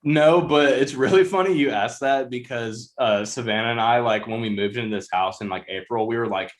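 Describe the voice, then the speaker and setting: A man's voice: medium pitch, a little fast. A man in his twenties, a musician guest, chatting casually in a laid-back, rambling way with lots of fillers. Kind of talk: casual chat.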